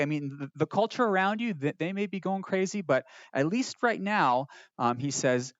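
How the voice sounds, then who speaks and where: A man's voice: a little high, lively intonation, moderate pace, dry recording. A man teaching a Bible lesson in a casual, conversational way, with frequent ums and restarts, now and then acting out quoted lines. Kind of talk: recorded Bible lesson walking through a text. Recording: dull lo-fi dry recording.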